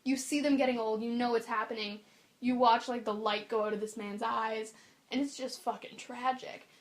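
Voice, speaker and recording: Young woman podcast co-host, fairly high voice, animated and opinionated, casual chat. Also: normal speed. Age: young adult.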